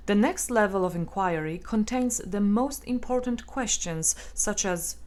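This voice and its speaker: A woman reads guidance aloud in a calm, measured voice. Her delivery is gentle and instructive, like a patient teacher working through a scripted self-help text. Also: mid-range voice. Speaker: audiobook narrator.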